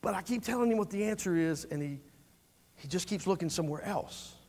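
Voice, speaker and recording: A man's voice: high voice, expressive, brisk, a little mellow. A man preaching a sermon in a church, speaking earnestly and conversationally, often repeating words as he goes. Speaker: pastor.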